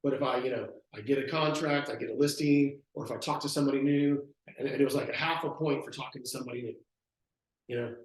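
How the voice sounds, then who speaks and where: A man leading a real estate training talk, acting out sales pitches as he tells stories. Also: steady tone, quick pace. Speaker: real estate team leader. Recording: very echoey room.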